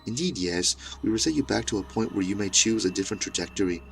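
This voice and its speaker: A fidgety old scientist with a thick Scottish accent, rattling off explanations in a brisk, matter-of-fact way, as a male narrator puts him on. His voice sits low and gravelly. Faint music plays behind him. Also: expressive. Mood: explaining.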